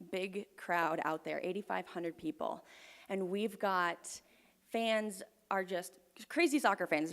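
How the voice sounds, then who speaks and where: A young woman telling a personal story live on stage to an audience, earnest and often dropping to a hushed near-whisper. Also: lowish voice. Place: performance venue with audience. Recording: long hall reverb.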